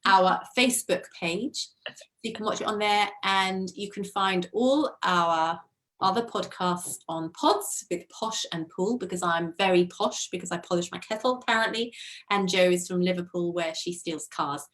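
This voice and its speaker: A woman's voice: on the low side, normal speed, a bit bright. Chatty woman. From southern England. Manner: chatty, self-mocking storyteller. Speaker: co-host of a mental health live stream. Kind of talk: casual live-stream chat.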